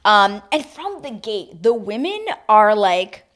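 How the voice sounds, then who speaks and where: A woman hosting a casual reality-TV recap, animated and opinionated, swearing freely. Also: mid-range voice, slow pace. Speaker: TV recap host.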